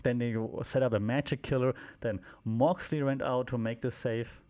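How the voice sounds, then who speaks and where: A man's voice: medium pitch, fairly even intonation, moderate pace, darkish tone. A man hosting a wrestling podcast, recapping shows in a casual, rambling way with many fillers, restarts and wry asides.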